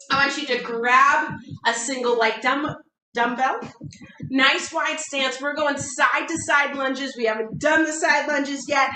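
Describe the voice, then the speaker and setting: A woman's voice: sits high, pushed and bright. A woman fitness coach leading a workout, encouraging and counting down the reps. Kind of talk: workout instruction. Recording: echoey room, distant mic.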